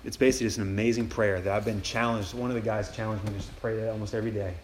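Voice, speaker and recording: A man's voice: lowish voice, steady tone, very fast, slight background noise. A young man giving a casual, enthusiastic retreat sermon, acting out inner prayers as he goes. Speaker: campus ministry speaker. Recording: echoey room with faint ambience.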